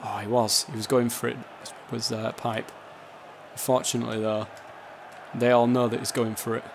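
A man's voice: mid-range voice, flat delivery, normal speed, slight background noise. A gaming YouTuber giving casual, swearing, laughing commentary as he plays a football game. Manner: swears a lot, laughs, shouts at players.

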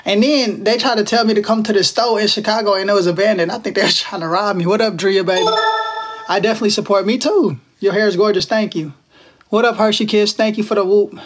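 A man's voice: sits high, steady tone, quick pace. A man in his twenties from Texas, chatting casually and teasing viewers on a phone livestream, with playful, slangy banter. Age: 20s. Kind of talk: casual live-stream chat with viewers.

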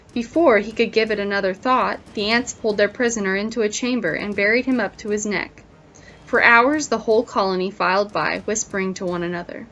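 A woman teacher reading a picture book aloud, pausing to wonder aloud to her listeners, on a dull lo-fi recording. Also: mid-range voice, a bit bright.

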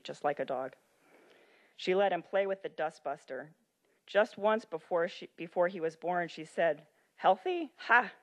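A woman medical ethics lecturer who reads a story aloud with expression and then explains it in loose talk with frequent ums. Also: deep voice. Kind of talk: lecture with a dramatic reading.

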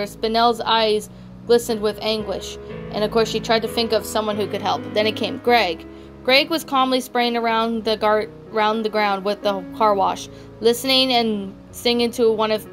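A woman reading a fan fiction story aloud, often stumbling and restarting words. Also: fairly high pitch. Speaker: story narrator. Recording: background music throughout.

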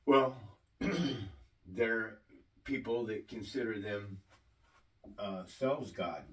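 Slow, deliberate male preacher. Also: on the low side, fairly bright tone, recorded from a distance, rough recording. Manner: slow, deliberate, asks the listeners questions. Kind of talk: sermon-style teaching.

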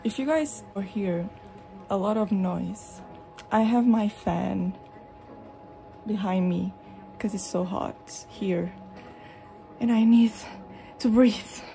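A young woman from Europe chatting casually at home while showing her collection, rambling and expressive, slipping into animated retellings. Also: mid-range voice, slow pace, vocal fry, pauses often, a little hiss or hum. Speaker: vlogger. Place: hot room at home with a fan running.

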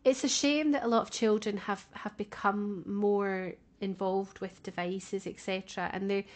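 A woman co-hosts a casual podcast. She talks in a chatty, warm-hearted way and laughs often. Her pitch sits in the middle of the range. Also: steady tone, moderate pace. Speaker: podcast co-host.

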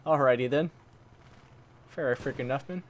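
A man's voice: mid-range voice, moderate pace, slight background noise. A man giving casual live commentary while playing a shooter, grumbling at opponents and swapping in mild stand-ins for swear words. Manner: frustrated, mild swearing substitutes, talks to enemies. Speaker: gaming channel host.

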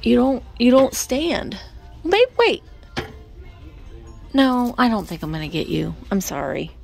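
Gravelly, lively woman vlogger. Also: mid-range voice, moderate pace. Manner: chatty, talks to the items, drops into whispered asides. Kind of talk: casual thrift-shopping chat. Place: indoor antique mall with booths. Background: faint store music.

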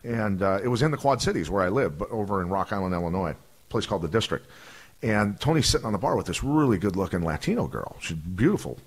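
Man, podcast guest, casual profane storytelling, acts out voices, animated, low pitch. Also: fast talker, husky. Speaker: podcast guest, retired fighter.

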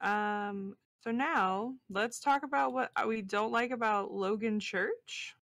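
A woman's voice: fairly high pitch, takes it slowly, vocal fry, fairly bright tone, no echo. A woman co-hosting a casual book podcast on a livestream, playful and giggly, with goofy slang and names she mangles on purpose. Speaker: podcast co-host.

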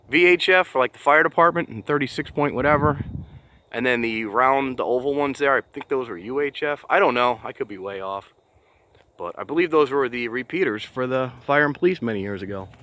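A man's voice: mid-range voice, a bit bright. A man hosting a casual walk-and-talk vlog outdoors on top of a quarry, chatty and enthusiastic, rambling as he goes. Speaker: vlogger exploring abandoned sites.

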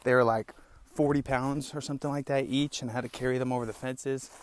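A man's voice: medium pitch, steady tone, quick pace, no echo. Young man, casual solo podcast, rambling and candid, slightly winded, dry close sound. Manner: rambling, candid, calls listeners "bro" and "man". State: out of breath. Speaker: podcast host. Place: small outdoor hideout on rural land.

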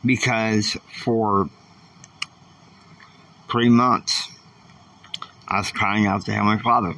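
A man's voice: lowish voice, fairly even intonation, slow pace, pauses often, bright, forceful tone, recorded from a distance, low-quality recording. A man hosting a podcast, giving an earnest, emphatic faith-based motivational talk. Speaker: podcast host.

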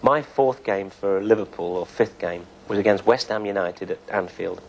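Older man, former footballer, relaxed anecdote, lowish voice, faint hiss. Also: normal speed, rough recording. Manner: relaxed storytelling with many fillers. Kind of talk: reminiscing interview.

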